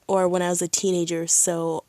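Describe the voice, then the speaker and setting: A woman streaming live, chatting casually and excitedly as a fan, with lots of "like" and "um". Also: fairly low pitch, normal speed, dry recording. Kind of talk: casual chat.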